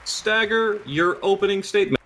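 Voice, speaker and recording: A man moderates a mock debate in a formal, announcer-like way. His voice sits notably high for a man. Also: normal speed, a bit bright, faint music behind. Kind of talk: mock political debate on voice chat.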